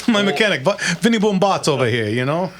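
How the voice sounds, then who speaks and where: Man, radio host, somewhat high voice, folksy, chuckly, stumbling casual talk. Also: noisy background. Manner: folksy, chuckling, trips over words. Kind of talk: casual call-in radio chat.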